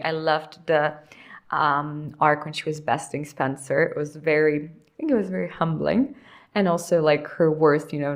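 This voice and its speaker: Young woman vlogger, low-ish gravelly tone, blunt sarcastic running commentary. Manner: blunt, sarcastic, talks to herself while sorting. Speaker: YouTuber ranking TV characters. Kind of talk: casual opinionated commentary.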